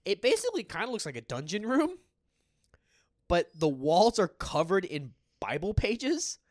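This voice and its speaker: Excitable guy gushing on a podcast, swears a lot, bouncy pitch, dry close mic. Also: moderate pace, no room sound. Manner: enthusiastic, swears freely, lively delivery. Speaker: podcast co-host. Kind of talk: casual chat.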